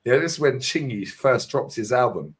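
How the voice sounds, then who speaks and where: A man's voice: medium pitch, expressive, slightly rough. London male stream host, mid-range voice, slangy, laughing chat. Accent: London English. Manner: laughing, quick slangy banter, swearing. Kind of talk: casual chat.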